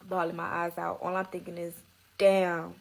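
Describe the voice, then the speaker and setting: A woman's voice: fairly low pitch, monotone, fast talker, creaky, rough recording. A young woman telling her own story in a slangy, emotional way, close to tears at times. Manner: slangy, tearful, dramatic retelling.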